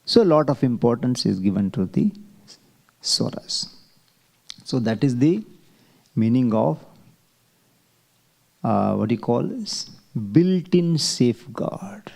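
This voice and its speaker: A man teaching a Vedic chanting class, explaining slowly and asking rhetorical questions. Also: medium pitch, sing-song, creaky, a little mellow. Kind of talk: classroom lecture.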